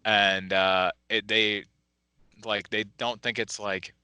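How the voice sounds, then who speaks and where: Bright, hesitant man in dry sound. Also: on the low side, flat delivery, slow, clean tone, dry recording. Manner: hesitant, laughs often. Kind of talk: casual chat.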